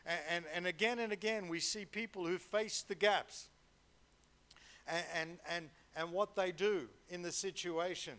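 A man's voice: high-pitched, steady tone, unhurried, bright, forceful tone, clear, resonant tone. A man preaching a sermon in a conversational way, repeating words and checking in with 'right?'.

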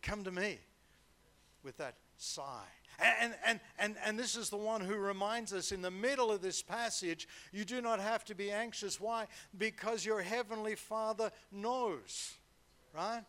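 A man's voice: high voice, moderate pace, sharp tone. A man preaching a sermon in a conversational way, repeating words and checking in with 'right?'.

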